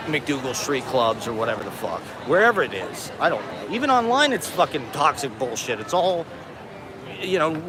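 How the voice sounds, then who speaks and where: A stoned man live streaming from a city street on a phone, rambling and swearing, laughing often. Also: fairly high pitch. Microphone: phone on a selfie stick. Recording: busy street traffic noise. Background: city traffic.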